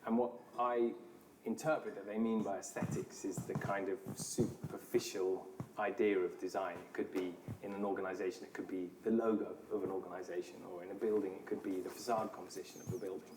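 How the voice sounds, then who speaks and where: A man, an architect with a British accent, answering audience questions in a thoughtful, measured way with some hesitations. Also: low-pitched, steady tone, noisy background. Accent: British English. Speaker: city architect, guest speaker.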